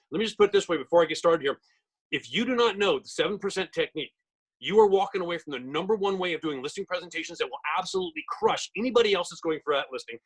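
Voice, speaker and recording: A man's voice: slightly rough, low-quality recording. A middle-aged man, a real estate trainer, giving an emphatic, salesy webinar presentation over a video call. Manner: fast-talking, emphatic salesman pitch.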